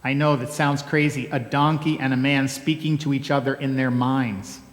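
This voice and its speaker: A man speaking as a humble, plainspoken male donkey, folksy and wry, in a slow homey way. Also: medium pitch, fairly even intonation, natural voice. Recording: echoey church hall.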